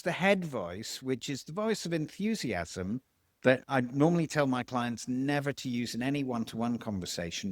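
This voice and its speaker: A man, a voice coach explaining vocal tones in an interview, demonstrating by swinging his pitch high and low. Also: no room sound, clean studio sound.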